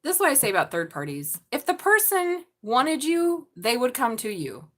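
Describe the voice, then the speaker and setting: A woman's voice: high-pitched, very animated, moderate pace, a bit bright. A middle-aged woman giving a live-stream tarot reading, blunt and profane, joking and laughing often. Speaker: tarot reader.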